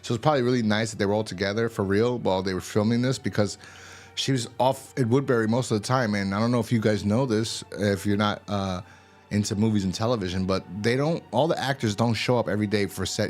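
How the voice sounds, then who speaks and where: A man's voice: on the low side, fast talker, faint music behind. A man giving a casual, rambling and profane review of a TV episode. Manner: rambling, profane, full of fillers and restarts.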